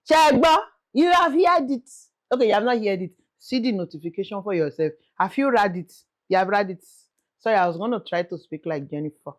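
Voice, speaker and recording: Animated Nigerian woman with a lively voice. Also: a little high. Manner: animated, pleading, mixes in Yoruba phrases. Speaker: real estate vlogger host. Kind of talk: casual chat to camera.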